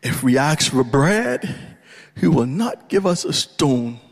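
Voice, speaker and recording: A man preaching with a high-pitched voice and an unhurried, deliberate pace, leaning hard into each phrase. He is fervent and impassioned, rising from quiet, measured lines to ringing shouts. The voice carries a long reverb, as in a large hall. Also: big pitch swings, vocal fry. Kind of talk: sermon.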